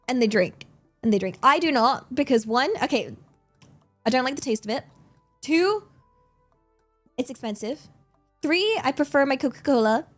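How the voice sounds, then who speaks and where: A young woman streaming, chatting casually in a giggly, animated, exclamatory way. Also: high voice. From England. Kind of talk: casual chat.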